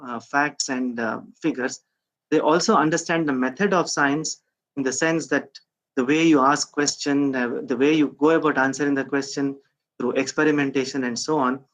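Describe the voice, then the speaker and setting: A man's voice: mid-range voice, steady tone, moderate pace, a bit bright, poor audio. A middle-aged man gives a conference talk, thinking aloud with many hesitations and rhetorical questions. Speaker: speaker at a science outreach event.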